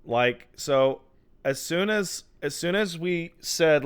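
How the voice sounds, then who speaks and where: A man co-hosting a podcast in casual chat, excitable and quick to laugh at his own jokes. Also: a little high, clean tone. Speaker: podcast co-host.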